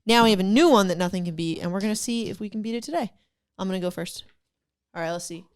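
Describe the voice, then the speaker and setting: Young woman rambling and giggling on a podcast, smooth clear voice, lots of "like". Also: medium pitch, fast talker, darkish tone. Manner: giggly, rambling with many fillers. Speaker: podcast co-host. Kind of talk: casual chat.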